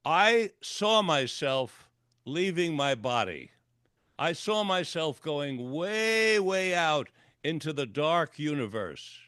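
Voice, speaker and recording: An older man tells a long personal story as a radio guest, throwing himself into each quoted line. His voice sits a little high for a man. The sound is dry and close, with no room around it. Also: very animated, slow pace, sharp tone, smooth, no echo. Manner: vivid storyteller acting out dialogue. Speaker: guest, clinical psychologist and author. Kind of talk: storytelling interview. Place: radio interview.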